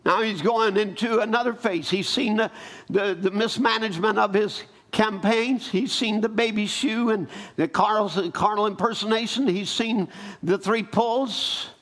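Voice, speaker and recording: A man preaching a sermon, rising from calm storytelling into loud, fervent exhortation. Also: high voice, a little slow. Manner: building to shouted exhortation.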